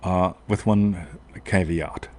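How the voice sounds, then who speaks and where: A man's voice: low-pitched, fairly even intonation, slow, dark tone. A man hosting a show, telling a long personal story in a rambling casual way and often asking "right?". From United States. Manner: rambling, self-interrupting, frequent "right?". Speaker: podcast host.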